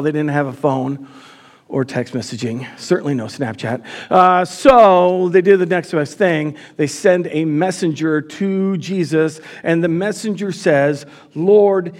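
High-voiced chatty pastor preaching. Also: male voice, animated, unhurried, a little mellow. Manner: casual and chatty, with many fillers. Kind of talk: live sermon. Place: church.

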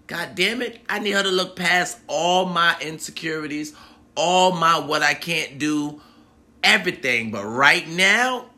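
A man rants straight to the listener in a profane, emphatic monologue, acting out both sides of a date as he goes. His voice sits a little high and comes across bright and forceful. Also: lively intonation, measured pace. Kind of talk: comedic rant monologue.

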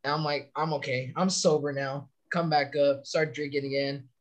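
A man's voice: a little high, fairly even intonation, moderate pace. Profane young man telling rowdy stories. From California. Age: young adult. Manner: profane, rambling storytelling. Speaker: soldier podcast guest. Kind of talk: casual chat.

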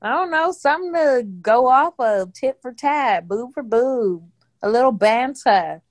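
A woman's voice: high-pitched, lively intonation, unhurried. A young woman in her twenties co-hosting a podcast in casual chat, teasing her partner and ranting with profanity. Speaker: podcast co-host.

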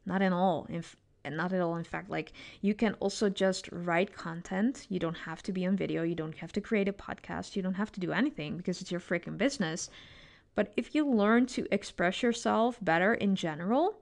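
Expressive woman podcast host coaching. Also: medium pitch, normal speed, vocal fry. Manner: expressive, coaching tone with frequent "right?" tags. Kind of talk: solo podcast monologue.

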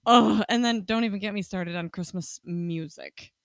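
A woman's voice: mid-range voice, moderate pace, gravelly, dry recording. Foul-mouthed laughing woman podcaster. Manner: profane, blunt, laughs often. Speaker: podcast co-host. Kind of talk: casual chat.

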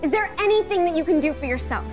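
A woman's voice: very high-pitched, animated, fast, music in the background. An actress playing a fed-up young woman who scolds a self-centered man in a romance film scene. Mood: exasperated. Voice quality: sharp and scolding. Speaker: film character.

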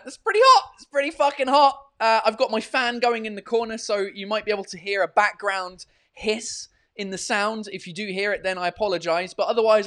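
A man's voice: high-pitched, fairly bright tone. Rambling, foul-mouthed male podcast host. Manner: rambling, swears freely, self-correcting. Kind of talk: casual live-stream chat. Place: hot room at home with a fan running.

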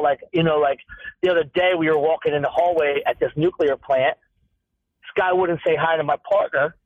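A man's voice: fairly high pitch, dry recording. A man in his late thirties talking candidly as a guest, rambling and emphatic, with frequent restarts and some swearing. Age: 30s. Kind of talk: candid conversational talk. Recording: tinny phone-like sound, dry.

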